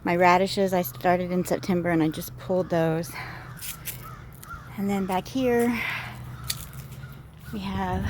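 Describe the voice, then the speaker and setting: A woman's voice: fairly low pitch, a little mellow, slight background noise. A woman chatting her way through a garden and pantry tour, rambling and a little out of breath, moving from outdoors to indoors. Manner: chatty and rambling, with frequent fillers and trailing-off sentences. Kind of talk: casual walk-and-talk tour. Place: garden outdoors, then inside a house.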